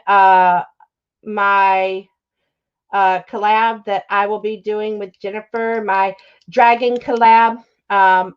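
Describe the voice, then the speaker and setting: A woman's voice: medium pitch, fairly bright tone, highs cut off. A woman chatting casually on a livestream, gushing about her crafts and reading the chat aloud. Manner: chatty, gushing, says y'all often, reads chat aloud. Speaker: YouTube crafter hosting a livestream.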